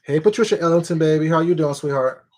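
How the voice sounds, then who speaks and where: A man's voice: a little high, fast talker, darkish tone. A man hosting a casual livestream, greeting viewers one by one by name in a familiar, chatty way. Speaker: livestream host.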